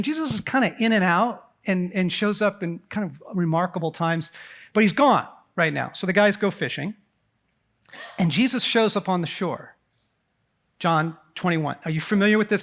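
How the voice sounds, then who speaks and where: A middle-aged man with a notably high voice preaches to a conference crowd. He tells the story in an animated, joking way, slips into little voices for quotes, and keeps checking in with "okay?" and "right?". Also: normal speed. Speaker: conference speaker. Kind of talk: lively sermon-style talk to a men's conference. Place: conference hall.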